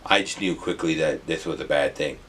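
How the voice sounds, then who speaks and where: A young man from the US Midwest, telling a rambling, animated storytime with some swearing. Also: a bass voice, brisk, breathy edge. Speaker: vlogger. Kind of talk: casual storytime.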